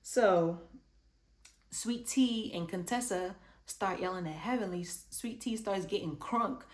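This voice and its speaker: A woman casually recapping a reality show episode, chatty and animated, acting out what the cast said. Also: mid-range voice, a little slow. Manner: chatty and animated, acts out quotes. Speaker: reality TV reviewer.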